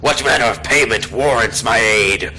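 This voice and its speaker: A man voicing an arrogant ancient male demon lord, slow and menacing, reading game dialogue aloud. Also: mid-range voice, sharp tone, a little hiss or hum, low-quality recording.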